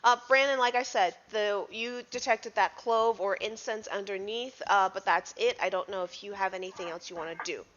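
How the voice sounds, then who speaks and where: A woman's voice: mid-range voice, normal speed, hardly any pauses, fairly bright tone. A woman narrating as game master of a tabletop superhero game, easygoing and laughing along with her players. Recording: dull lo-fi podcast audio.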